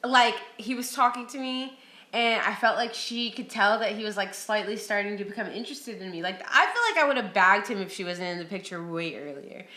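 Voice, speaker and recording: A woman's voice: mid-range voice, brisk, sharp tone. A woman in her twenties telling a story in casual chat as a podcast co-host, blunt and profane. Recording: echoey room.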